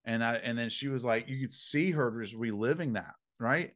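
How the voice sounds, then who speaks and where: Man, guest, dream interpreter; energetic storyteller with a preacher's cadence and a mid-range voice. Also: mid-range voice, moderate pace, hardly any pauses. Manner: animated, emphatic, punchy slang; preacherly, faith-filled phrasing. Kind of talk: conversational storytelling.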